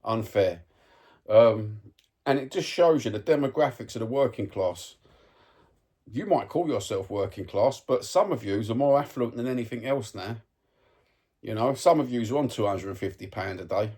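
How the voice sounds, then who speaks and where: A man rants through a football match review, blunt and full of swearing. His voice sits in a middle pitch, and he gets heated as he talks. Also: lively intonation, normal speed, darkish tone. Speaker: football fan vlogger.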